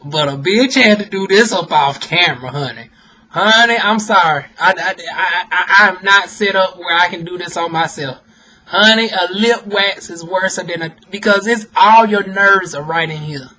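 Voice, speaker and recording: Sassy high-voiced man chatting to camera. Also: normal speed. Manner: sassy, expressive, talks straight to viewers with "honey" and "y'all". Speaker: vlogger and aesthetician. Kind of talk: casual chatty vlog.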